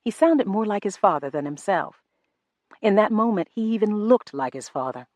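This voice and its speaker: A woman reading a novel aloud in first person, measured and restrained. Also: medium pitch, expressive, a little mellow, dry recording. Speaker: audiobook narrator. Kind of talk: first-person audiobook narration.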